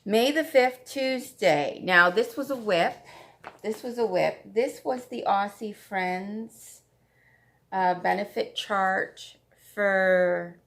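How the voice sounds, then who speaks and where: Casting note: woman, crafting vlog host, unhurried and gravelly, gushy and repetitive. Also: on the low side, a bit bright. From Canada. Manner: chatty, gushing, repeats herself. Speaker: flosstube host. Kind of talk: casual show-and-tell chat.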